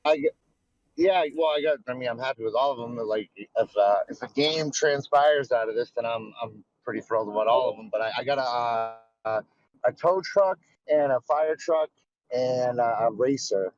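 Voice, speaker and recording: An American man calling in while driving, talking in a casual chat, animated and stumbling. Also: mid-range voice, normal speed, dry recording, dull audio. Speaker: caller from the audience.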